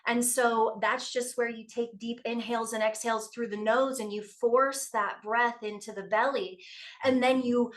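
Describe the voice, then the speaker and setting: A Canadian woman, a yoga teacher, calmly explaining breathing practices as a podcast guest. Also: on the high side. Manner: calm, explanatory, steady guidance with frequent affirming replies. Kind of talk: podcast conversation.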